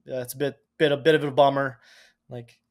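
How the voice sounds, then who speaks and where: A man in his thirties from Canada, a podcast guest telling stories in casual chat, animated and cursing freely. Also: mid-range voice, fairly quick. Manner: animated, swears casually, acts out quotes. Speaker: podcast guest, Olympic speed skater. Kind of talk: casual storytelling.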